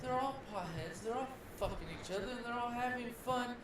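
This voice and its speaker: A man's voice: extremely high pitch, a little fast, noisy background. A man, father of kids, co-hosting a casual podcast, talking bluntly and with plenty of swearing. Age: adult with children. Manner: blunt, profane, heated. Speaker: podcast co-host. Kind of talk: casual ranting chat.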